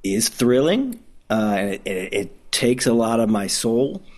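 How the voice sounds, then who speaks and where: This man's medium-pitched voice is sing-song, a little slow and a little mellow. He's a Detroit documentary filmmaker with a Midwestern accent, rambling enthusiastically through a relaxed interview and restarting often.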